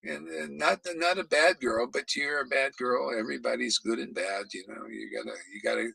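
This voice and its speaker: A man in casual spiritual chat, rambling and animated, acting out quotes as he talks. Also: medium pitch, brisk, gravelly, very noisy. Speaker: spiritual teacher.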